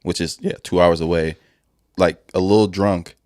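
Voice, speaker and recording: Man, deep low voice, dry close sound, casual rambling storyteller, podcast co-host. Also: steady tone, moderate pace, darkish tone, dry recording. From Wisconsin. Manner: rambling, self-correcting storyteller.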